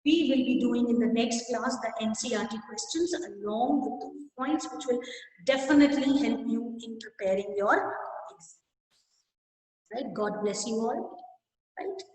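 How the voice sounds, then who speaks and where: A woman's voice: a little high, normal speed, a little mellow. A woman teacher with an Indian English accent, reading a story aloud to her students and explaining it, checking in with a repeated "right?". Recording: echoey room from far off.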